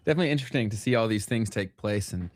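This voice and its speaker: A man's voice: on the low side, animated, very fast, no echo. Blunt young Canadian man chatting. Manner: blunt, opinionated, frequent restarts. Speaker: podcast co-host. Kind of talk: casual chat.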